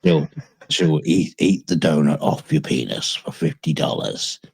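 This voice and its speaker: A man co-hosting a podcast, telling crude comic stories with a husky voice and frequent laughter. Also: extremely low pitch, huge pitch swings, unhurried, a little mellow, dry recording. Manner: laughs often, tells bawdy stories. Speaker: podcast co-host. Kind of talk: crude comedic banter.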